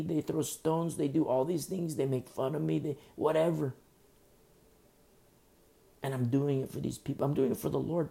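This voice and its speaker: A man's voice: a little high, gravelly, dark tone. A man preaching a sermon as pastor, emphatic and repetitive, often restarting his sentences.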